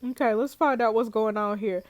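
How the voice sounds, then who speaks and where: A woman's voice: on the high side, normal speed, no echo. Woman chatting animatedly while gaming. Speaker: gamer playing an interactive story. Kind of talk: casual let's-play commentary. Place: bedroom, lying in bed. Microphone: headphone mic.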